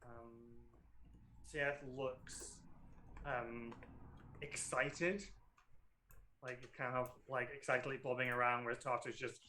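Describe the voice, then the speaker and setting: A man narrates a tabletop game as its game master, his voice bright and forward. He talks in fits and starts, filling gaps with ums and correcting himself as he goes. A faint hiss sits under the recording. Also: mid-range voice, fairly even intonation, slow, pauses often, low-quality recording. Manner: hesitant, full of ums and self-corrections.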